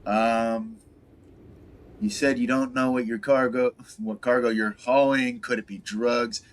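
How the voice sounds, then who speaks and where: A man's voice: medium pitch, fairly even intonation, a little slow. A man streaming a game, reading dialogue choices aloud in loose, joking let's-play commentary. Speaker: gaming streamer. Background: game music.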